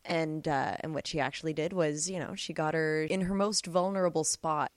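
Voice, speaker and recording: A woman's voice: low-pitched, fairly even intonation, normal speed, dry recording. A woman co-hosting a film podcast, giving thoughtful readings of a scene. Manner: thoughtful, interpretive. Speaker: podcast co-host. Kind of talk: casual film discussion.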